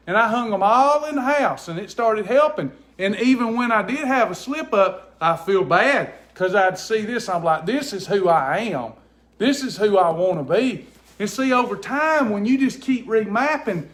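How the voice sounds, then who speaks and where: A man who hosts a faith-based weight loss ministry addresses the camera from inside his home, casual but preachy. He's earnest and emphatic, frequently repeating himself for emphasis, and his voice is high with a fairly bright tone.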